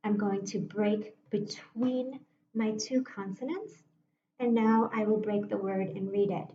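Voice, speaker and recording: Slow, patient woman teaching phonics. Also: medium pitch, fairly even intonation, dark tone, slight background noise. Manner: slow, patient, breaks words into parts and invites the class to read along. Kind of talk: phonics lesson for young children. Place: room at a whiteboard. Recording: echoey room, dull muffled sound.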